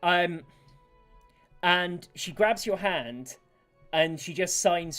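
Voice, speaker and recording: A woman narrating as game master in a tabletop game, lively and animated, with many fillers. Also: lowish voice, very slow, soft background music.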